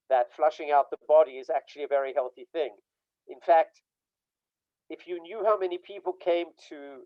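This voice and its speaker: A man with a fairly high voice gives an informal online workshop talk and leans into his stories with emphatic delivery. He acts out the people he quotes. The call audio is dull and lo-fi, with a dry, close sound. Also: no echo. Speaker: workshop speaker on burnout.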